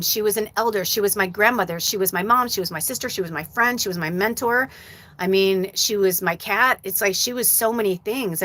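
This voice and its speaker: A woman's voice: mid-range voice, fairly bright tone. A middle-aged woman hosting a live stream as a medium, talking casually and from the heart, rambling with many fillers.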